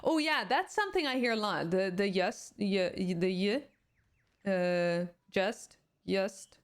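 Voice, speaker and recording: A woman's voice: medium pitch, animated, slow. A woman with a Swedish accent, a native Swedish speaker who streams games and chats casually, reading viewer comments aloud and answering them. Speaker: game streamer. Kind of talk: casual chat with live viewers.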